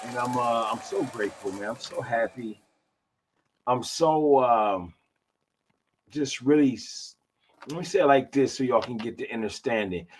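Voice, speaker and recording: A man's voice: mid-range voice, a little slow, long pauses, a faint crowd, a little hiss or hum. A man of fifty hosting a live podcast in a laid-back, drawling style. He repeats phrases and calls his listeners y'all. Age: 50s. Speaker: podcast host. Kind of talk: casual live podcast chat.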